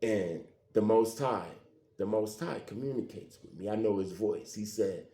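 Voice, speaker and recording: A man's voice: lowish voice, moderate pace. Man telling a story in a roomy space. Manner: animated, conversational, acts out quoted dialogue. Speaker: vlogger telling a personal story. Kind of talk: emotional storytelling monologue. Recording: roomy echo.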